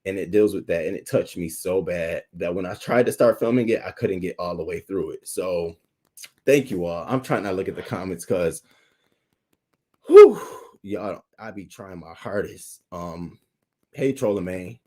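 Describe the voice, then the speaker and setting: A man's voice: sits low, moderate pace, darkish tone. A young adult man hosting a livestream, talking candidly and emotionally to his chat, holding back tears and thanking viewers by name. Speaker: YouTube livestream host.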